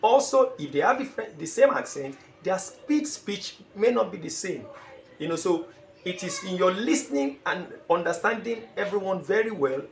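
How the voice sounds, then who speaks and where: Male teacher, emphatic lecture delivery, gravelly edge, slightly higher voice, roomy echo, faint background hum. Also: expressive, normal speed. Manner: emphatic, repeats phrases, acts out short dialogues. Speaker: IELTS teacher. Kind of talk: classroom-style lecture. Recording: echoey room with faint ambient noise.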